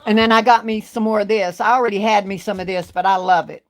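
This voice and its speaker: On a craft livestream, a woman vlogger chats casually with her viewers, drawing out her words. She speaks at a medium pitch in a steady tone.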